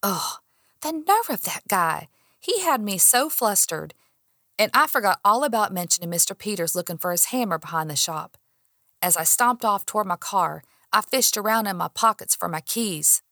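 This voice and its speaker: A woman reading a first-person audiobook in an expressive way, acting out her own heated lines. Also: medium pitch, normal speed, no room sound, clean studio sound. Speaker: audiobook narrator.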